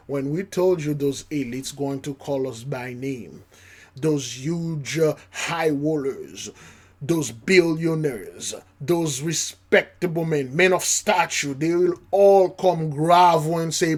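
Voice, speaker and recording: A man's voice: on the high side, slow. A man preaching passionately, reading scripture aloud with frequent restarts. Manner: impassioned, reads scripture in archaic phrasing, frequent restarts.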